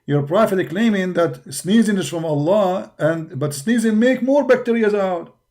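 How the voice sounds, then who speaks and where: A livestream host with a tired voice argues in broken English, mocking his opponents and calling the listener brother again and again. His speaking voice sits high for a man. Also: expressive, normal speed, darkish tone. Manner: mocking, argumentative. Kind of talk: livestreamed religious critique talk.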